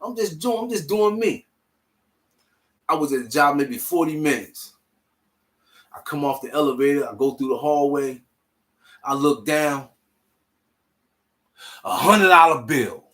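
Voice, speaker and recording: A young man telling a personal story in casual, animated street slang, swearing freely. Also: on the high side, unhurried, pauses often. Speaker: vlogger.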